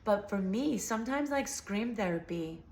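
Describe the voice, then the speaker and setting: A woman's voice: medium pitch, expressive, normal speed, echoey room, very noisy. A woman vlogger in a casual, earnest talk to camera, rambling with many fillers, her voice slightly sore. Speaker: healing vlogger.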